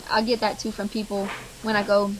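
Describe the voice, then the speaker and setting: A woman from South Louisiana with a Cajun accent, explaining accents in a relaxed, hesitant way with many ums. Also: medium pitch, brisk, background noise. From South Louisiana, USA. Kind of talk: casual explanatory monologue. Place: played from another recording.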